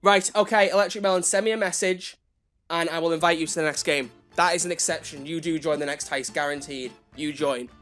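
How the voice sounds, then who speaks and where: A man streams a video game and chats casually with his viewers, often poking fun at himself. His voice is bright and a touch high. Faint music plays behind him. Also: fairly even intonation, brisk. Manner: chatty, self-deprecating, talks to chat. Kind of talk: casual livestream chat.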